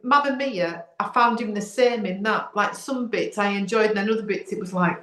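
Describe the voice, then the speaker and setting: A woman's voice: medium pitch, normal speed, a bit bright. A woman co-hosting a podcast, chatting casually and checking in often with "do you know what I mean". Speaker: podcast co-host. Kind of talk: casual chat. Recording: roomy echo.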